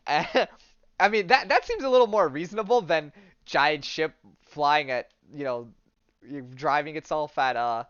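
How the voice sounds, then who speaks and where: A man's voice: fairly high pitch, a little slow, smooth, dry recording, highs cut off. A man hosting a podcast, retelling a comic in a casual, jokey way with lots of fillers. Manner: animated, jokey storyteller with many fillers. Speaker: podcast host.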